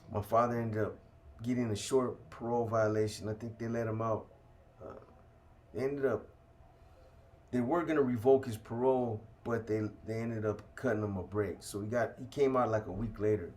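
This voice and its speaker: A man's voice: medium pitch, a little mellow, slight background noise. A man casually telling a story from his own life, full of street slang and swearing, often tacking "man" onto the end of a sentence. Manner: street slang, heavy cursing, keeps adding "man".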